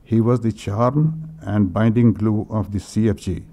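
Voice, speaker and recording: An older man with an Indian English accent reads out condolence messages at a memorial gathering. His voice is low and mellow, and he hesitates often, clearing his throat between lines. He sounds moved. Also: fairly even intonation, unhurried. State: emotional, voice breaking. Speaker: memorial meeting speaker. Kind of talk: halting tribute reading.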